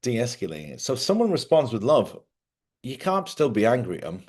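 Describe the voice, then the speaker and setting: A man at a mid pitch talks loosely and at length, circling back on his points and tossing in "yeah?" to his listeners. He hosts a live spiritual chat from a studio, unscripted and easygoing. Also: big pitch swings, brisk, a little mellow, breathy edge. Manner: rambling, conversational, repeats himself and asks listeners "yeah?". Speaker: host of a live spiritual talk show. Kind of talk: casual live-stream talk.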